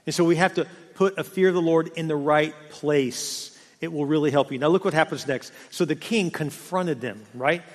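A man preaching a sermon in a lively, conversational way, often asking the crowd questions. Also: fairly high pitch. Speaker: pastor. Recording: long hall reverb.

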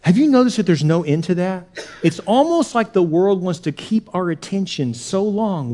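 A male pastor preaching a sermon in an animated way, swinging from loud punches to hushed near-whispers. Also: high voice, moderate pace.

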